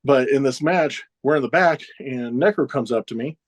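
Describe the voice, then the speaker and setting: Chuckling wrestler spinning backstage stories. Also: male voice, mid-range voice, moderate pace. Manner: animated anecdotes, chuckling often, acts out others' lines. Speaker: professional wrestler guest. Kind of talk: casual storytelling interview.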